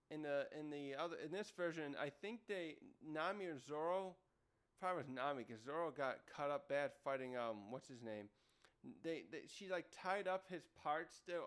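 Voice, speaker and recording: A man's voice: a little high, a bit bright, clear, resonant tone. A man casually reviewing a comic chapter, thinking aloud and often correcting himself mid-sentence. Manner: rambling, thinking aloud with frequent self-corrections. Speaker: manga reviewer.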